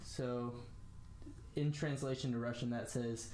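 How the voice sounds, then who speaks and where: A young American man giving a casual spoken language lesson, slowly demonstrating phrases with lots of "uh" and "um". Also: mid-range voice, fairly even intonation, a little mellow, echoey room, slight background noise. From United States. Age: young adult. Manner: slow, careful demonstration of phrases with frequent fillers. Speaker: language tutor.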